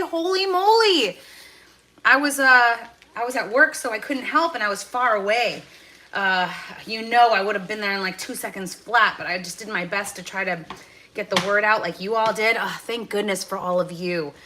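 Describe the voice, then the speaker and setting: In her home kitchen, a woman with a medium-pitched, sharp voice hosts a casual livestream while cooking fried rice, chatting with viewers and reading their comments aloud. Her mood shifts between cheerful and indignant. Faint sizzling from the frying pan sits in the background.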